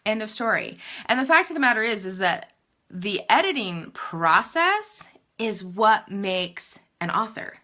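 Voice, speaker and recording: A woman novelist in her thirties, chatting live to viewers with emphatic, animated writing advice and self-mocking asides. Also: medium pitch, a little slow. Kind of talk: live video chat answering viewer comments.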